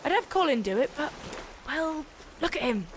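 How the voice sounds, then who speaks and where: A woman's voice: sits high, very animated, moderate pace, a little hiss or hum. An actress playing a sarcastic, scheming female pirate captain. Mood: coaxing. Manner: sarcastic, coaxing and bossy. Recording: game audio with faint music behind.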